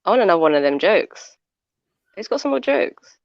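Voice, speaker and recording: Woman on the panel, gravelly, swoops up and down. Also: medium pitch, very animated, normal speed, no echo, highs cut off. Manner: teasing, laughing. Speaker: panel guest. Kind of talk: casual livestream chat.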